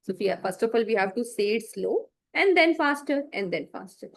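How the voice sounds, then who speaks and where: A woman's voice: a little high, expressive, brisk, gravelly. Encouraging woman teaching a speaking class. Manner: encouraging, many fillers, demonstrates lines aloud. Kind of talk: online class talk to children.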